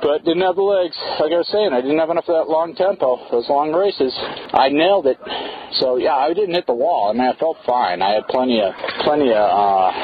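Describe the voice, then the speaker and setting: A man with a Boston accent chatting casually while jogging outdoors by a pond, rambling and talking to his dog. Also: mid-range voice. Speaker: podcast host. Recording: muffled outdoor recording with faint noise.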